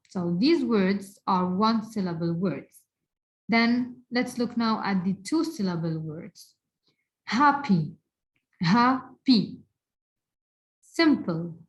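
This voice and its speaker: Woman teacher, Arabic native speaker, unhurried and deliberate, repeats words for emphasis. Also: mid-range voice, poor audio. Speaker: English teacher. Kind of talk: recorded grammar lesson.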